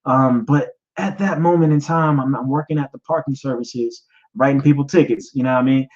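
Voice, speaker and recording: Man in his thirties, choked-up personal testimony, halting repeats, medium pitch, slightly muffled lo-fi sound. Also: darkish tone. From United States. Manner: emotional, halting, repeats himself, gets choked up. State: choked up, near tears. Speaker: podcast host and guest telling his own story. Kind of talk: personal testimony, live stream talk.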